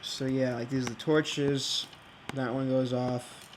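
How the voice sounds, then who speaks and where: A man thinking out loud while building in a block game, rambling and hesitant, with many fillers and restarts. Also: mid-range voice, flat delivery, takes it slowly, a little hiss or hum, rough recording. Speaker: game video creator. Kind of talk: casual think-aloud game commentary.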